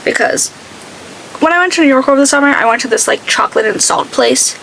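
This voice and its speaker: Rich: A woman with a fairly high, gravelly voice talks casually while doing her makeup at home. She tells stories in a chatty, animated way and acts out the people in them, with faint hiss behind her. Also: fast, poor audio. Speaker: beauty vlogger.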